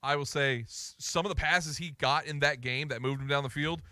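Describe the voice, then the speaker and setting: A man co-hosting a sports radio show, talking excitedly and emphatically, often repeating words as he restarts. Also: on the high side, moderate pace, dry recording, studio quality. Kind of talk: casual sports talk.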